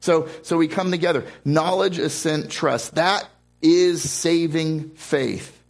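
A male pastor delivering a sermon to his congregation, his voice sitting a bit higher than most men's. He preaches with emphasis, often doubling back to repeat words and restart his phrases. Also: slow pace, gravelly. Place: church service before a congregation.

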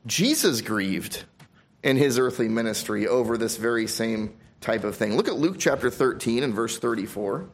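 A man preaching a sermon as pastor, reading scripture aloud and swinging between emphatic loud stresses and quiet drops. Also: medium pitch. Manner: reads scripture aloud in King James wording.

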